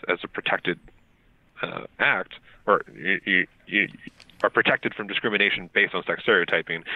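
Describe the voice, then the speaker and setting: A deep-voiced man speaks over a tinny phone line as a talk-radio guest. He explains points carefully, hedging with ums and little restarts as he builds his argument, and the sound is dry and close with no room around it. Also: no echo. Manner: measured, filler-heavy explaining with many ums and restarts. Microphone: phone call.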